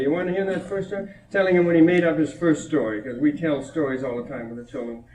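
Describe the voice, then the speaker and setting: A man's voice: on the high side, darkish tone, a little hiss or hum. Amused man talking in an echoey hall. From Minnesota. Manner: chatty and amused, laughing between anecdotes. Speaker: poet giving a reading. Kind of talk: informal talk at a poetry reading, retelling a child's stories. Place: college hall before an audience. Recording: roomy echo, distant mic, old reel-to-reel tape.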